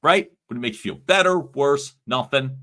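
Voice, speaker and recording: A man's voice: mid-range voice, expressive, normal speed, bright, forceful tone. A man coaching salespeople on a live stream, talking with energy and emphasis and acting out sample phone lines.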